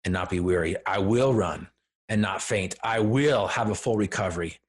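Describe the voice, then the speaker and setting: A man's voice: deep voice, normal speed. A man, a podcast guest, telling a personal story in an earnest, emphatic way that builds to firm declarations. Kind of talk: personal story told in conversation.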